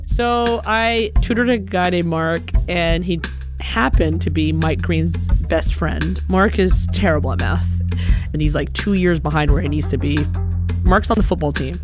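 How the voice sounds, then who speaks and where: A young woman from Alabama telling a funny personal story in an animated, conversational, self-deprecating way. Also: fairly low pitch, a little slow. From Alabama, USA. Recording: music playing underneath.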